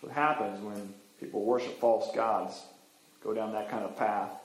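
A man's voice: lowish voice, steady tone, normal speed. A man in the role of pastor giving a sermon, teaching from the Bible in a conversational way with frequent fillers. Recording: roomy echo.

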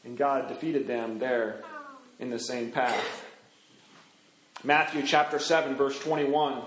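A middle-aged man preaching a sermon as a pastor, animated, swinging his pitch up and down as he acts out quoted voices. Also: slow, pauses often, reverberant, low-quality recording.

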